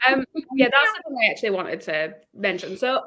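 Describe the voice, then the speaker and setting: A chatty woman hosts a casual book club livestream, often laughing and asking her guests questions. Her voice sits at a mid pitch for a woman. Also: expressive, a little fast, bright, forceful tone.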